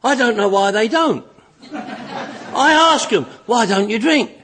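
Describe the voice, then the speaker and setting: A man's voice: very high-pitched, lively intonation, slow pace, a bit bright, a little hiss or hum. An older man giving a humorous recovery talk to an audience, telling stories bluntly and repeating refrains. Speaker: recovery meeting speaker.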